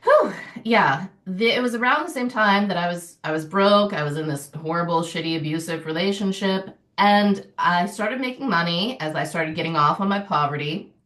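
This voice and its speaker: A middle-aged woman with a lower voice talks as a podcast guest, animated and quick to laugh. Her voice sits back from the mic in a roomy, echoing space. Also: recorded from a distance. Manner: animated, laughing often, lively storytelling. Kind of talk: casual podcast conversation.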